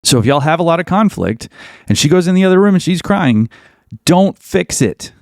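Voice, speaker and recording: Podcast host, male, mid pitch with a gravelly edge, blunt and emphatic, dry close-mic sound. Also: sing-song, moderate pace, a little mellow, no room sound. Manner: blunt, emphatic, repeats points. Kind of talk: advice monologue.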